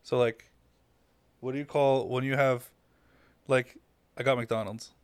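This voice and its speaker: A man's voice: medium pitch, little pitch movement, a little slow, clean tone, dry recording. A young man co-hosting a podcast, chatting casually with a sarcastic edge and casual swearing. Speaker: podcast co-host. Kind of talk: casual chat. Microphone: headphones and studio mic.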